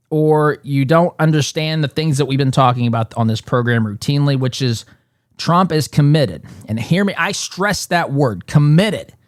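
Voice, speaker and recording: A man's voice: fairly high pitch, dry recording, studio quality. A man hosting a political talk show, delivering an emphatic monologue and often repeating words as he builds a point.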